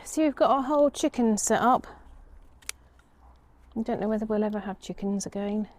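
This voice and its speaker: A woman's voice: medium pitch, moderate pace, darkish tone. A middle-aged woman chatting casually as a garden vlogger, rambling a little with fillers. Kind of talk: casual vlog narration.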